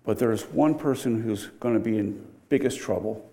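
An older man preaching a sermon in a conversational way, with sudden loud, emphatic rises. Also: lowish voice, normal speed.

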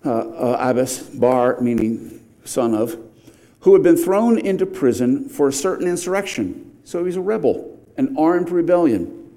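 A middle-aged man teaching through a passage in a sermon, with a mellow, relaxed tone. He explains calmly in a lower register, then pushes up into loud, emphatic questions when a point lands. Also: measured pace. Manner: explanatory, rising to emphatic outbursts on key points. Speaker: preacher. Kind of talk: verse-by-verse sermon.

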